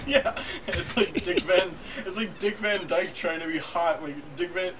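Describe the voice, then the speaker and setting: A man co-hosting a comedy show, trading jokes and spinning rambling, excitable stories. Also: high voice, measured pace, heavy background noise. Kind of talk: casual comedic banter.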